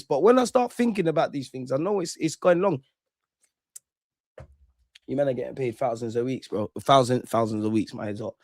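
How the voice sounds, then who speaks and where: A man rants casually on his own livestream, full of slang. His voice sits high, and he swings between loud outbursts and low mutters. The sound is dry and close, with no room around it. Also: no echo. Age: 30s. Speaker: livestream host.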